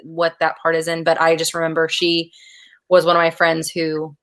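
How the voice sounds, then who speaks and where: A friendly, chatty woman talks with a slightly low voice, laughing often as she shares stories. She sounds relaxed, like she is chatting with friends over a video call. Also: normal speed. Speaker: guest reader. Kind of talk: casual group video chat.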